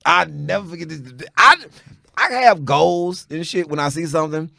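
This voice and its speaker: A man from Houston, a stand-up comedian guesting on a podcast, telling stories in an animated way and building up to shouted punchlines. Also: fairly high pitch, normal speed, gravelly, no room sound. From Houston, Texas. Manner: animated storyteller who rises into shouted punchlines. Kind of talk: casual chat, comic storytelling. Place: podcast studio.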